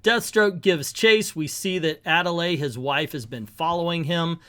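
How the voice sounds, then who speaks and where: Male comic reviewer, casual and chatty with jokey asides, voice on the higher side. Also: normal speed, bright, forceful tone.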